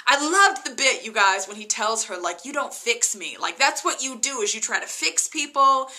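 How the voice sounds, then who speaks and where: Woman gushing over a tv episode, higher voice, bright and punchy, keeps saying you guys. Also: animated, moderate pace. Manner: chatty, gushing, often addresses viewers as "you guys". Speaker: TV episode reviewer. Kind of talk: casual recap vlog.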